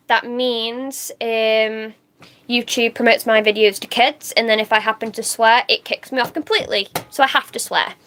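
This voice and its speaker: Woman livestreamer, high voice, chatty, swears offhand, reads viewer comments aloud. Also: a bit bright. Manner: chatty, laughs easily, swears casually. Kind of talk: casual live-stream chat reading comments.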